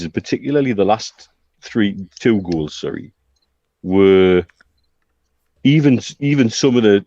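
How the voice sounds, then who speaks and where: A man co-hosting a football podcast, talking in a measured way with many fillers and restarts, on a dull, dry recording. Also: on the low side, mellow, dry recording. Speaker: podcast co-host. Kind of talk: casual football chat.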